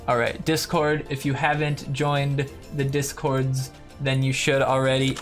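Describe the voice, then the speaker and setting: A man whose voice is going hoarse, hosting a mobile game update stream in a loose, profane, joking way. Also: on the high side. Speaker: mobile game YouTuber and host. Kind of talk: casual streaming commentary, reading viewer comments.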